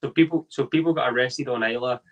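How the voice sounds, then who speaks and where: A man's voice: mid-range voice, fast. Jokey man spinning a yarn. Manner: animated, jokey storyteller who laughs mid-sentence. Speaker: whisky panel guest. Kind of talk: casual chat on a live stream. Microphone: video call.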